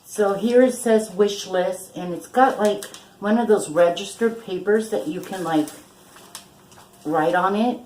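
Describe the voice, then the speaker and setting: An older woman takes her time showing off her finds, gushing over each one. Her speech is slow and relaxed. The room rings with echo, and a faint hiss sits under her voice. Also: medium pitch. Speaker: vlogger. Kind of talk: casual thrift haul vlog.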